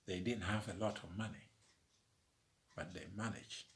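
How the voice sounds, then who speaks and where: Male commentator, deliberate slow monologue, preacher-like emphasis, lower register. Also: a little hiss or hum. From Uganda. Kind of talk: opinion monologue.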